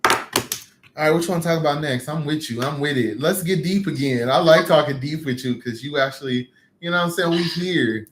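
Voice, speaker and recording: A man hosting a live casual chat, emotional and quick to tear up while telling stories. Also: fairly high pitch, fairly bright tone, roomy sound, slight background noise. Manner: emotional, laughing, tearful storytelling. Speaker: livestream host.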